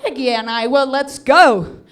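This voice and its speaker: A woman's voice: high voice, measured pace. A woman hosting a comedy show, doing a stand-up set in a chatty way and giggling at her own jokes. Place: comedy stage before a live audience.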